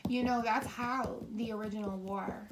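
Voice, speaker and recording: A middle-aged woman giving a tarot and coffee-ground reading, rambling, cursing now and then, and slipping into soft whispers. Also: mid-range voice, steady tone, moderate pace, very noisy. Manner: swears freely when relaying messages. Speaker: tarot reader.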